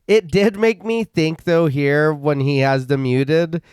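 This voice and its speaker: A man's voice: on the high side, clean tone, dry recording, studio quality. A man co-hosting a horror podcast, chatting casually about a film and swearing for emphasis. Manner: slow and lively, swears for emphasis. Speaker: podcast co-host. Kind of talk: casual chat.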